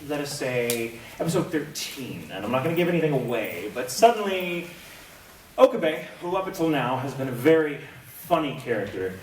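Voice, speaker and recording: Animated, self-mocking male voice actor, mid-pitch, telling a panel story in an echoey room from a distant mic. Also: normal speed.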